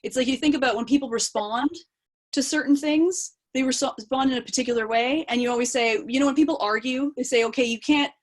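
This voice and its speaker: A woman actor from the East Coast of Canada, with a Canadian accent, answers interview questions in a casual live video chat. She talks fast in a high-pitched voice, thoughtful and rambling, with plenty of fillers and restarts.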